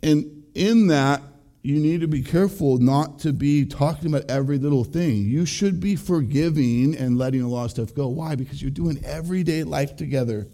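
Mellow-voiced man preaching conversationally. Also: fairly high pitch, moderate pace. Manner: conversational, earnest, speaks straight to listeners. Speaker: pastor. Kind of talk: sermon on marriage.

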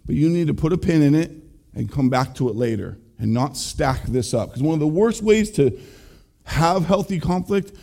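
A man's voice: fairly high pitch, lively intonation, normal speed, creaky, mellow. A middle-aged man, a pastor, giving a conversational, earnest sermon and speaking straight to his listeners. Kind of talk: sermon on marriage.

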